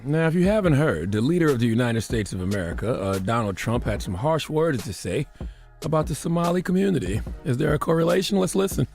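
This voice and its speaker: A man's voice: mid-range voice, animated, quick pace, gravelly, darkish tone, faint music behind. A man hosting a radio commentary segment, emphatic and digressive, checking in with his listeners constantly. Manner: emphatic, digressive, peppered with "okay?". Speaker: radio host.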